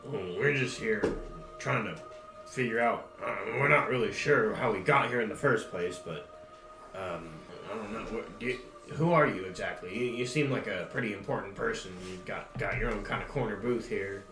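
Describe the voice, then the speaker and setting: Male player, low gravelly voice, hesitant, roomy with music. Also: normal speed. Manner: hesitant, stumbling. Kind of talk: casual tabletop role-play. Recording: echoey room with music behind.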